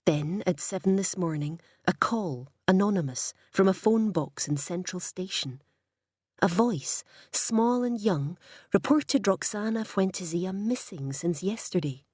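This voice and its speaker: Husky-voiced woman narrating a crime story. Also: lowish voice, animated, a little slow, a little mellow, no room sound, clean studio sound. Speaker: audiobook narrator. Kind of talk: scripted narration.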